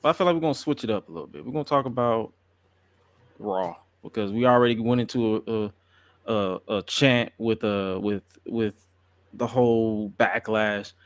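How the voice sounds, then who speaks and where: A man's voice: lowish voice, normal speed, clear, resonant tone, dry recording. A man hosting a podcast in a laid-back, blunt casual chat, using plenty of slang. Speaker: podcast host.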